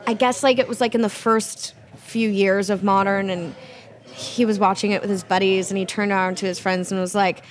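This young dinner guest speaks at a normal speed with a medium-pitched voice, chatting casually in a restaurant. As she tells her story, she lively imitates the things others said.

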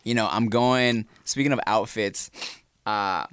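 A young man co-hosting a podcast in casual chat, rambling and swearing, quick to laugh. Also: on the low side, fairly even intonation, a bit bright, clear, resonant tone, no room sound. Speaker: podcast co-host.

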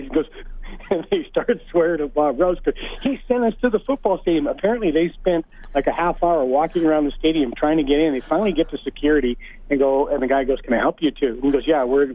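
A man's voice: a little high, fast. Man telling stories over a tinny phone line. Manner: chatty, laughing anecdotes. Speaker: guest hockey analyst, former coach. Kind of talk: casual storytelling on sports radio. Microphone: phone call.

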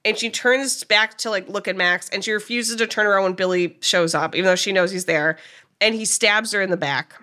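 A woman podcast co-host casually recapping a movie's plot, telling it with animated energy and frequent fillers. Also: mid-range voice, fairly quick. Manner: animated storyteller, frequent "like" and laughs.

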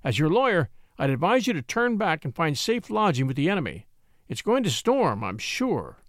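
A man's voice: fairly high pitch, big pitch swings, moderate pace, no echo, studio quality. A man reading an audiobook, voicing a gallant young male attorney who pants and jokes dryly. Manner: panting, dryly humorous.

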